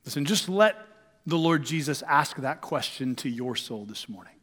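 A man's voice: a little high, animated, moderate pace, fairly bright tone. Conversational male pastor in a reverberant hall. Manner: conversational, rhetorical questions, emphatic swings. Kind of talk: sermon.

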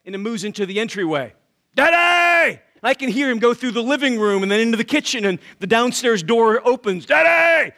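A man's voice: high voice, fast, few pauses, a bit bright. A man preaching a sermon with emphatic rhetorical questions, often repeating words as he starts a thought. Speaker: pastor.

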